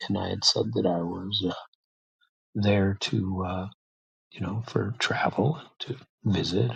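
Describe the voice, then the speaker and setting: A man's voice: low-pitched, steady tone, moderate pace, gravelly, fairly bright tone, husky, dull audio. An American man hosting a show, telling a story in a casual, rambling way with many fillers and restarts. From United States. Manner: rambling, repeats words, frequent fillers. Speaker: podcast host.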